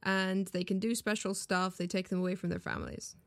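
A woman player in a tabletop game, brisk and joking in casual chat. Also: medium pitch, little pitch movement.

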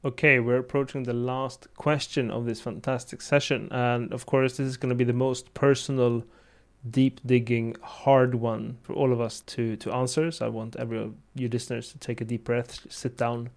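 Speaking at a moderate pace in a mid-range voice, a man running a casual podcast conversation tells lively stories and laughs often.

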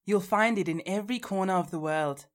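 A woman reading ad lines in a put-on Australian accent, with a flat, understated delivery. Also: mid-range voice, brisk, close to an everyday voice. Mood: deadpan. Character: woman doing a city Australian ad read.

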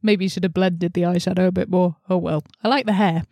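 A woman's voice: lowish voice, fairly even intonation, fast talker, few pauses, mellow, no echo, studio quality. A woman hosting her channel, chatting casually to camera from a messy bedroom office, giggling and poking fun at herself. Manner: chatty, giggly, self-deprecating. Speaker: channel host. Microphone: laptop setup with headphones.

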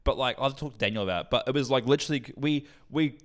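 A man's voice: mid-range voice, fast. A young man, co-hosting a casual podcast, telling a story with lots of laughs, swearing and acted-out quotes. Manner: animated, swearing, laughs a lot, acts out quotes. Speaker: podcast co-host.

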